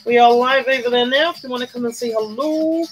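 Doing her makeup during an indoor live stream at home, a woman chats with viewers, greets them by name, squeals, and hums along as faint music plays. She speaks briskly in a slightly high voice, and the recording quality is low.

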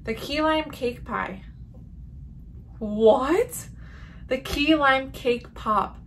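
A chatty woman vlogging at home, reacting out loud as she sniffs and reviews candles. Her voice sits a little high, with a faint hiss of noise behind it. She talks in a loose, animated way. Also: slow. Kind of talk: casual haul vlog. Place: home room.

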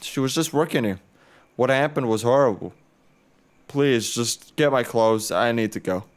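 A man's voice: mid-range voice, moderate pace, smooth, lightly acted. A man voicing a game character, a long-time laundromat customer, reading the lines aloud in a slightly raised voice with no real character voice. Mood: ominous.

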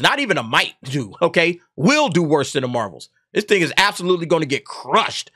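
A man's voice: on the high side, sing-song, pushed and bright. A man hosting an opinionated commentary show, talking casually with mocking laughter and repeated "okay?" and "man". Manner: mocking, laughs often, drawn-out emphasis. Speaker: commentary channel host.

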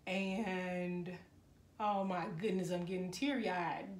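A woman's voice: mid-range voice, steady tone, measured pace, pauses often. Emotional woman tarot reader in an echoey room. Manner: emotional, exclaiming, talks straight to the viewer. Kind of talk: casual tarot reading to camera.

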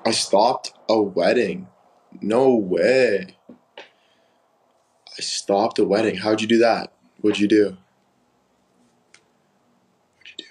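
Low-voiced young man, candid livestream chat. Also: takes it slowly, long pauses, a little mellow, low-quality recording. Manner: candid, rambling storytelling; reads out and answers viewer comments. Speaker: livestream host.

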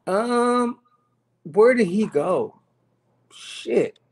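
A man's voice: high-pitched, expressive, extremely slow. A man hosting a casual podcast chat, laid-back, using slang and laughing often. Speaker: podcast host.

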